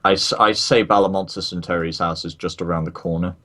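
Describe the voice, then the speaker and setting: A man running a tabletop game as game master, talking haltingly with many ums and restarts. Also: sits low, fairly even intonation, noisy background.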